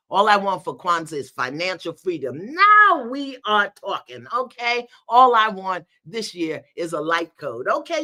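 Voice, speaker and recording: Lively, bright-voiced woman hosting a live stream. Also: on the low side. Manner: lively, playful, call-outs with "in the house". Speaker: host of a live online spiritual gathering. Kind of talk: live-stream greeting viewers by location.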